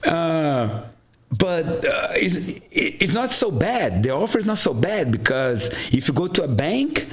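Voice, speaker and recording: A man with a Brazilian Portuguese accent, a guest telling a story in casual podcast chat. His voice sits a bit high and leaps around in pitch as he acts out what people said. He pads his telling with "blah, blah" and "ta, ta, ta". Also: measured pace. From Rio de Janeiro, Brazil. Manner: animated storyteller, acts out dialogue, fills with "blah, blah". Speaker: guest, jiujitsu instructor. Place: garage podcast studio.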